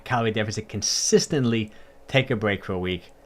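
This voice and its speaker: A man's voice: lowish voice, a little fast. Chatty upbeat male fitness coach. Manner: chatty and upbeat, many fillers and repeats. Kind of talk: casual livestream talk, answering viewer comments.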